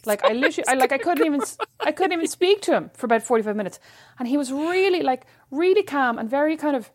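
A woman's voice: high voice, expressive, quick pace. A woman chatting casually with her sister. She tells her stories dramatically and swears freely. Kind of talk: casual chat between sisters.

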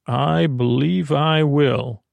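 A tall, dignified centaur with a back problem who talks slowly and formally, as a man puts him on. The voice carries a gravelly rasp and sits dry and close to the mic. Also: fairly high pitch, no echo, heavily acted. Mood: indignant. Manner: slow, formal, indignant. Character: tall, slow, dignified male centaur patient. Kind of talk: bedtime story reading.

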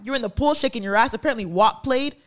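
Animated young woman telling a wild story. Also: on the high side, racing, noisy background. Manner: animated, laughing storyteller acting out quoted voices. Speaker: podcast co-host. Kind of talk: casual storytelling chat.

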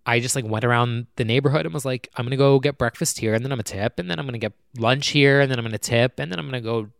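A man's voice: mid-range voice, vocal fry, dry recording, clean studio sound. Rambling, teary young man venting. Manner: rambling, halting, full of "like" and restarts. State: close to tears, voice dropping low. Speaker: YouTube creator. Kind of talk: emotional personal vent to camera.

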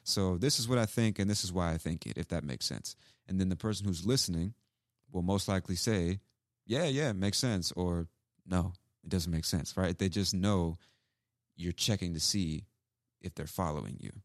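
A man's voice: deep voice, moderate pace, dry recording, studio quality. A man who hosts an English-learning podcast, explaining phrases casually and repeating examples. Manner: casual, repeats examples, acts out sample lines. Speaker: English teacher, podcast host.

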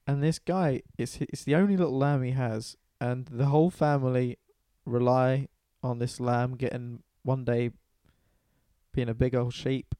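A man's voice: mid-range voice, fairly even intonation, a little slow, warm tone, smooth, dry recording, studio quality. A man casually retelling a Bible story in an irreverent, sweary way, acting out the characters' lines.

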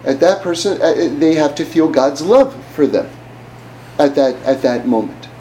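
Guy w a high voice teaching torah casually, lots of rhetorical questions, faint hiss behind. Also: lively intonation, a little slow, warm tone, rough recording. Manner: conversational, asks the listener rhetorical questions. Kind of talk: informal religious class.

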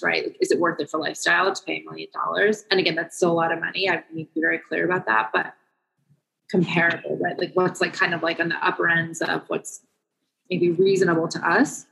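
A young woman talking casually as a podcast co-host. Her voice sits a little low, and she swears easily, drifting into animated, laughing storytelling. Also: creaky, rough recording. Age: young adult. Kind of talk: casual chat.

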